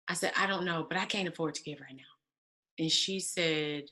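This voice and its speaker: A woman's voice: fairly low pitch, moderate pace, bright, forceful tone. A woman in her thirties giving a candid personal testimony, telling her story with animation and acting out the voices of others. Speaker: interview guest.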